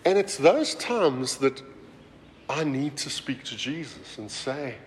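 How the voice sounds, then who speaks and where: A man preaching a sermon as pastor, talking in a conversational, animated way with many asides. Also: mid-range voice, slow, slight background noise. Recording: roomy hall reverb, faint ambience.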